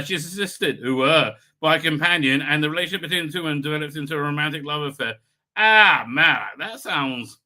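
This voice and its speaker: Middle-aged male stream host, slightly high and very sharp-toned, rambling and chatty, laughs easily while working through chat. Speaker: livestream host. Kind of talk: casual live chat, reading viewer comments.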